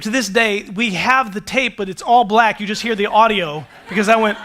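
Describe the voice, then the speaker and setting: A male pastor in his forties tells a sermon story with a high, bright voice. He acts out the voices of people in his anecdotes and jokes about himself as he preaches from a church stage. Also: normal speed, few pauses. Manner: animated, self-deprecating, acts out quotes.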